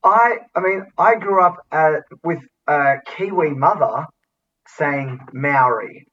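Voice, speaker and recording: A man's voice: on the high side, slow pace, a bit bright, a little hiss or hum. An Australian man co-hosting a podcast, blunt and provocative as he muses aloud in casual banter. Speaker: podcast co-host. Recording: distant, dull lo-fi sound.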